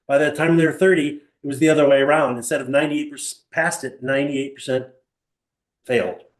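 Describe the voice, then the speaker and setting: Older man, seminar teacher, animated storyteller, rhetorical questions, small roomy room. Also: on the high side, fairly quick. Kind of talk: live motivational seminar talk. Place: small room with live audience.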